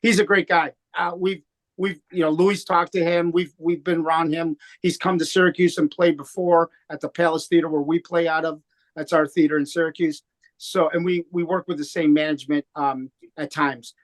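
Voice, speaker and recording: A man's voice: a little high, fairly even intonation, normal speed. A man, a comedian, chatting in an interview in a rambling way with many restarts. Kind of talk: casual interview chat.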